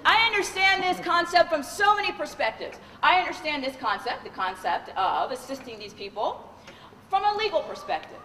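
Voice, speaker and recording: A woman, a lawyer and corporate trainer, giving a lively live training talk and questioning the audience. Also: high-pitched, normal speed, slight background noise. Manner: animated, engages the audience with questions. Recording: echoey hall with long reverb.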